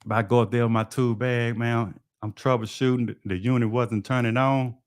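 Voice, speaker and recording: A man's voice: mid-range voice, fairly even intonation, moderate pace, clear, resonant tone, no echo, studio quality. A man, hosting a livestream and telling stories from his trade in a laid-back, folksy way. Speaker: HVAC technician and livestream host. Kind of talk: casual livestream storytelling.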